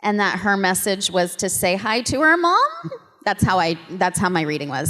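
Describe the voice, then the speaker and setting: Woman telling a lively story, hall reverb. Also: medium pitch, moderate pace. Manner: lively, laughing, acts out quotes. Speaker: voice actor on a convention panel. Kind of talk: animated storytelling to an audience. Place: convention panel room.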